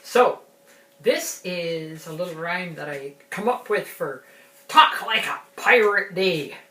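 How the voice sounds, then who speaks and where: A woman presenting a children's storytime rhyme, explaining it in a chatty, unhurried way, recorded in a roomy space from a distance. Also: fairly low pitch, bright, forceful tone.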